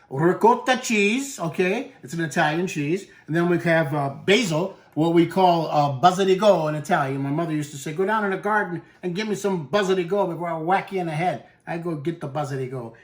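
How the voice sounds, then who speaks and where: A man hosting a cooking show, chatting casually to the viewer as he demonstrates a recipe and drops in Italian food words. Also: a little high.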